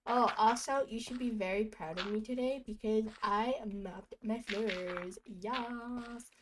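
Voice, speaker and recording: Against background noise, a young woman with a slightly high voice speaks slowly, chatting casually while gaming from home. She rambles through goofy stories and breaks into laughter now and then.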